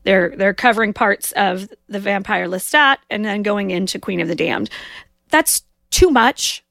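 A woman from the American South co-hosts a casual movie-review podcast. She talks emphatically and gets exasperated. Her voice has a gravelly fry, and it sounds dry and close. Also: mid-range voice, a little slow, fairly bright tone, no echo. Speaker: podcast co-host.

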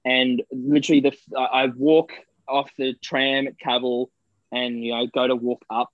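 A young man with an Australian accent rattles through a casual podcast story, swearing freely. His voice is mid-pitched, and the recording is dry and a little dull. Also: level tone, normal speed, dry recording. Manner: sweary storytelling, puts on voices for quoted people. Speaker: podcast co-host. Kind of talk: casual chat.

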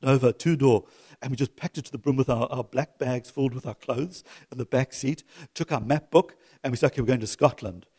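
A middle-aged man preaching a sermon to his church, swinging from loud exhortation to soft, chuckling asides. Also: medium pitch, fairly quick, husky. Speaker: pastor.

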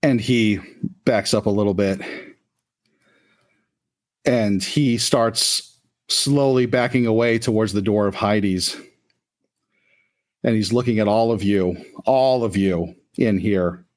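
A man narrating as game master of a tabletop role-playing game, in a relaxed, profane storytelling manner. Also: lowish voice, takes it slowly, long pauses.

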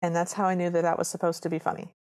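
A woman with a somewhat low voice chimes in on a podcast movie recap. She is casual and wry, dropping deadpan asides about the film. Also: racing. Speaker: podcast co-host.

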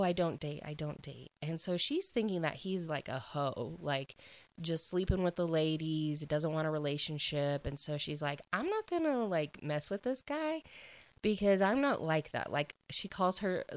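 Low-voiced young woman recapping a book. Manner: chatty, heavy use of "like", acts out quotes. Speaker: book reviewer.

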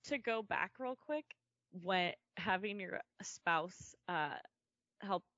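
A woman's voice: fairly low pitch, slow, dry recording. A woman guest on a podcast, telling stories in casual chat and acting out what people said. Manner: lively storyteller who acts out quotes. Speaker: podcast guest, comedic video creator. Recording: dull, dry lo-fi podcast audio.

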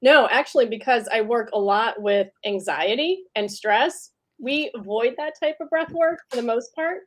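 A woman's voice: fairly high pitch, moderate pace, a bit bright. A middle-aged woman guest who works with breath work and talks candidly and chattily on a video call, swearing now and then. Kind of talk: casual interview talk.

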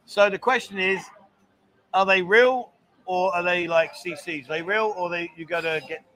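A man's voice: high-pitched, moderate pace, pushed and bright. Chatty man hosting a bar show. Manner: chatty, teasing, reads viewer comments aloud. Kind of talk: casual livestream chat.

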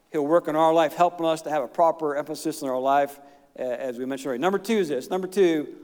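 In a church sanctuary with the long reverb of a church hall, a pastor delivers a sermon in a fairly high, slightly mellow voice at normal speed. His preaching is folksy and emphatic, with asides to the congregation.

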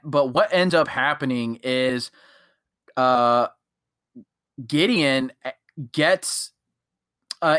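Casting note: male podcast co-host, bright and slightly high voice, loose rambling recap delivery, dry room. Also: dry recording. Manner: rambling, filler-heavy storytelling with acted-out quotes. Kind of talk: casual chat recapping a TV episode.

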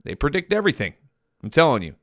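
A man's voice: mid-range voice, wildly swooping pitch, fast talker, no room sound, studio quality. Profane ranting male podcast host. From California. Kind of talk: casual solo podcast rant.

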